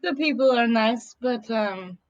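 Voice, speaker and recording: A woman's voice: on the high side, animated, a little slow, dry recording. A woman playing an eerie, composed fish-creature woman hiding in human skin, speaking in stiff, formal, overly polite phrases with a Russian accent. The recording is dull and dry, like a lo-fi mic in a dead room. It suits a tabletop role-play.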